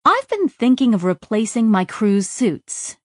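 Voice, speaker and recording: A woman's voice: a little high, very animated, unhurried, dry recording, studio quality, voice pushed up. A woman doing a gleeful young AI woman. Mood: bright. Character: eager young female AI in a body kit.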